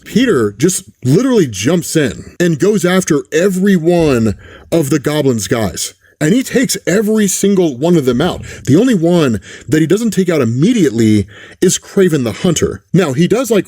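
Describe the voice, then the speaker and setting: A man's voice: fairly high pitch, warm tone, breathy edge, no echo. A man casually recapping a comic book story as the channel's host, chatty and often checking in with "right?". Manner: chatty, keeps tagging "right?".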